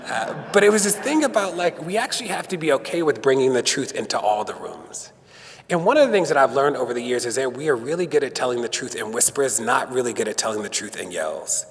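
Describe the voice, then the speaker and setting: A man's voice: medium pitch, sing-song, fast talker. A man giving a conversational speech to an audience as guest speaker, telling stories and acting out quotes. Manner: storytelling with acted-out quotes. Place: synagogue hall. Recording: long hall reverb.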